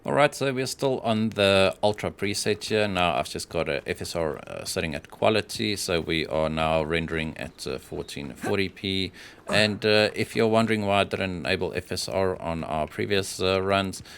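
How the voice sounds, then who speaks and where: Deep gravelly man commenting on gameplay. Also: normal speed, a bit bright. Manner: hesitant, frequent filler sounds, plain matter-of-fact delivery. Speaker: hardware benchmark commentator. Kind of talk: casual gameplay voice-over commentary.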